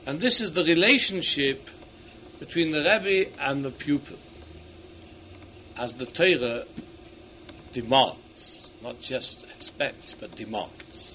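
A man with a high, bright voice gives a Torah lecture to teachers. He reads Hebrew sources quickly and then lays each one out in English. A faint hum of the hall sits behind him. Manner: quotes Hebrew sources in rapid bursts, then explains in English. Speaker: rabbi speaking to teachers. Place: hall at an event.

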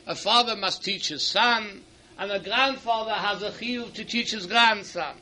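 A man giving a Torah lecture to teachers. He reads Hebrew sources in quick bursts and then explains each one in English. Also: high-pitched, pushed and bright, slight background noise. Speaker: rabbi speaking to teachers. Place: hall at an event.

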